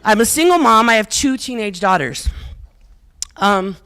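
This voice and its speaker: A woman's voice: mid-range voice, expressive, unhurried, a bit bright, smooth. A middle-aged woman performing a stand-up comedy set on a theater stage, telling stories with brassy, self-mocking asides and punchy lines. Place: historic theater stage with live audience.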